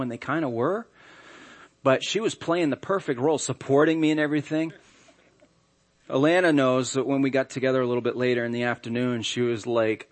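A middle-aged pastor preaches in a church sanctuary, his voice at an ordinary middle pitch for a man. He talks conversationally and tells stories with easy humor. His delivery stays plain and unforced. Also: steady tone, brisk. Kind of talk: sermon.

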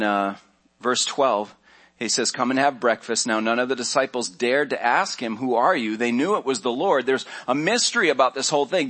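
A man's voice: medium pitch, fairly bright tone. Man preaching in a casual, chatty way. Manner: conversational preaching, acting out dialogue. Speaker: pastor. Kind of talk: sermon. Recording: church sermon audio.

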